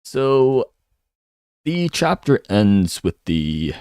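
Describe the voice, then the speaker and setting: A man's voice: mid-range voice, very animated, drawn-out words, darkish tone, clean tone, dry recording, clean studio sound. A man giving a casual solo breakdown of a comic chapter. He rambles and hums filler syllables while he thinks. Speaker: manga commentator.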